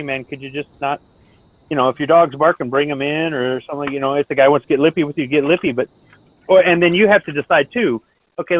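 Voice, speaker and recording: A man in casual chat who talks things through calmly and gives advice. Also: fairly high pitch. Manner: calm, reasoning, advice-giving tone. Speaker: stream host. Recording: tinny phone-like line, dry.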